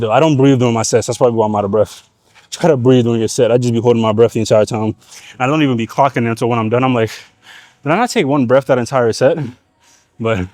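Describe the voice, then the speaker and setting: A young man explaining leg exercises in a gym, in relaxed slangy talk, at times out of breath. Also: mid-range voice, no room sound. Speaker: fitness vlogger. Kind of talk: casual gym coaching vlog.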